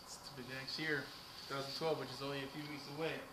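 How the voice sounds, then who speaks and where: A man's voice: mid-range voice, flat delivery, quick pace. A man co-hosting a casual wrestling chat, announcing each match and giving his pick. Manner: announcer-like, reads out match cards. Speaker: co-host. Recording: echoey room with faint noise.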